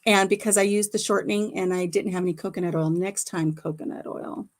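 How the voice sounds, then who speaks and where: A woman's voice: medium pitch, steady tone, a little fast. A middle-aged woman hosting a casual home livestream on her phone, chatty and laughing often as she retells conversations. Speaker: livestream host. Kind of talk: casual chat.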